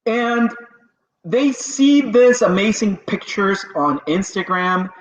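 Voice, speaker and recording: Slow-talking high-voiced man in a roomy room. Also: expressive. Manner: chatty and conversational, with repetitions. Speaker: podcast host. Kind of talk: casual motivational business talk. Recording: roomy, dull lo-fi sound.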